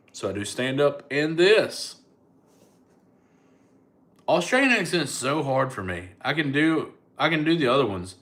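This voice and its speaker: Answering comments from viewers in a relaxed, chatty way, a middle-aged male comedian livestreams and thanks people by name. His voice runs on the low side with a slightly bright quality.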